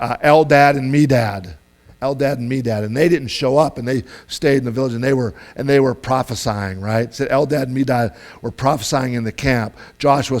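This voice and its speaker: A man's voice: mid-range voice, a little mellow, rough recording. A man preaching a sermon as pastor, talking casually with many fillers, asides and restarts.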